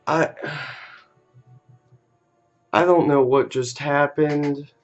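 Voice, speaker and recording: A man's voice: fairly high pitch, steady tone, extremely slow, highs cut off, soft background music. A man casually talking through a card game on a live stream, laid-back and easily amused, with casual swearing.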